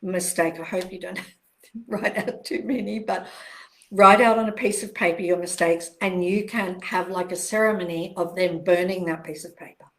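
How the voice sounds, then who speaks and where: An older woman hosting a live question-and-answer stream, speaking in a gentle, reassuring way with soft pauses and repeated phrases. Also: lowish voice, fairly even intonation. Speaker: self-help author hosting a live Q&A.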